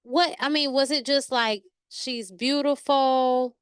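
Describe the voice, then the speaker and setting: A woman's voice: sits high, fairly even intonation, slow pace, clean tone, no room sound, clean studio sound. A woman hosting an interview, reacting to her guest with enthusiasm and affirmation. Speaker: interview host. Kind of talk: casual interview chat.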